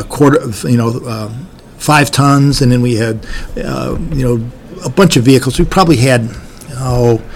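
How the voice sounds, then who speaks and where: A man's voice: medium pitch, darkish tone, slight background noise. Older man, rambling folksy war memories. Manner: folksy, rambling, with many restarts. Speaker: army veteran recalling service. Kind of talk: oral history recollection.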